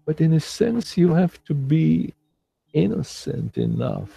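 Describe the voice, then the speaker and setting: Slow gravelly man, reflective teacher. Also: fairly high pitch, sing-song, dark tone, dry recording. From lives in New York City. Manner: slow, reflective, with many pauses and restarts. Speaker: meditation teacher. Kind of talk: livestream talk.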